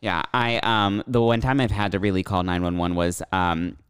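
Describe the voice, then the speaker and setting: Casual co-host: a woman with a very low, smooth voice, recorded dry and close, who acts out quotes as she tells stories. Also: moderate pace, no room sound. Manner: animated storyteller, acts out quotes in a high squeaky voice. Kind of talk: casual storytelling chat.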